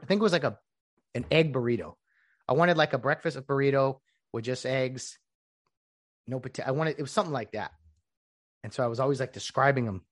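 A man hosting a casual solo show, rambling and acting out the lines he quotes. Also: mid-range voice. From United States. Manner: rambling, animated, acts out quoted dialogue. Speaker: podcast host.

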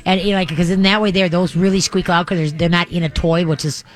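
Folksy high-voiced radio host. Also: male voice, little pitch movement, quick pace. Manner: rambling, folksy, many restarts. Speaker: radio show host, dog trainer. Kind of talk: live radio call-in advice from a remote broadcast.

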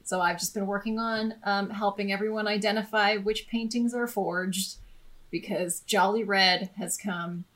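A woman's voice: medium pitch, fairly even intonation, normal speed, fairly bright tone. An American woman co-hosts a casual podcast chat. She sounds enthusiastic and rambles, breaking into laughter as she goes. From United States. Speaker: podcast co-host.

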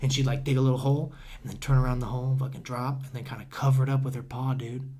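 A man's voice: medium pitch, little pitch movement, rapid-fire, a little mellow. A young man, a podcast guest, telling a long story in a loose, rambling way full of "dude," "bro," and casual swearing.

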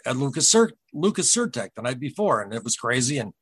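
A man with a husky, slightly rough voice shares a personal account on a podcast in casual storytelling. He speaks earnestly and haltingly, circling back to repeat what others told him. The recording is close and dry. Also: medium pitch, big pitch swings, fairly bright tone, no room sound. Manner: earnest, halting, retells dialogue. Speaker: podcast guest.

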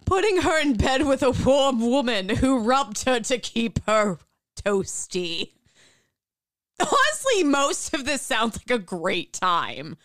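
A young woman tells a story on a podcast in casual chat, her voice smooth and full of swinging pitch. She swears freely and keeps breaking into laughter. The sound is close and dry. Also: very animated, slow, fairly bright tone, dry recording. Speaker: podcast host telling a true story.

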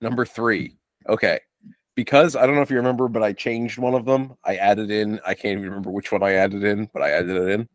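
A man's voice: lowish voice, steady tone, fairly quick, dry recording, clean studio sound. A man from the United States co-hosting a podcast in casual chat, with wry, sarcastic asides. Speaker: podcast co-host.

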